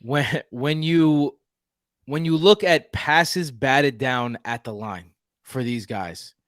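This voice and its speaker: A man from Houston co-hosting a podcast, talking casually and jokingly with lively restarts. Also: mid-range voice, slow pace, dry recording, clean studio sound. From Houston, Texas. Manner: animated, jokey, frequent restarts. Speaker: podcast co-host. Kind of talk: casual fantasy football chat.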